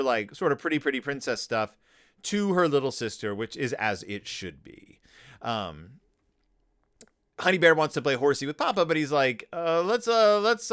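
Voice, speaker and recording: A tired man hosting a podcast, chatting casually about a children's picture book in a rambling, wry way, with brief put-on voices for the characters. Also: medium pitch. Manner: rambling, wry, self-interrupting, animated; puts on brief character voices when paraphrasing. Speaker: podcast host. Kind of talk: casual book review chat.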